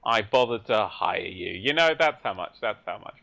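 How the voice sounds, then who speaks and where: A man's voice: on the low side, expressive, moderate pace, vocal fry, bright, forceful tone. A man, a podcast guest, chatting casually while gaming and joking, teasing and laughing a lot.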